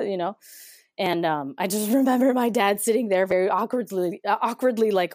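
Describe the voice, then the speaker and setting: A woman's voice: on the low side, normal speed, darkish tone, dry recording, studio quality. A woman in her thirties from Mexico, earnestly telling a personal story as a podcast guest, with many restarts.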